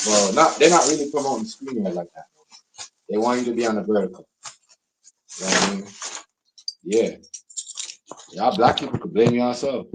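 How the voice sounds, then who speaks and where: A young man, live-streaming a heated, repetitive rant that swings from loud outbursts to low mutters. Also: normal speed, pauses often, noisy background. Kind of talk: ranting live-stream commentary.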